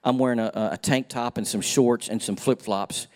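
Man, fifties, pastor, sermon, storytelling, folksy humor, hushed to emphatic. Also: mid-range voice, fairly even intonation, moderate pace.

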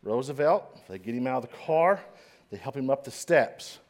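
A middle-aged man giving an inspirational speech, telling a story dramatically and swinging between hushed and loud. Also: mid-range voice, animated, moderate pace. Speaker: motivational speaker. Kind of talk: inspirational speech to a live audience.

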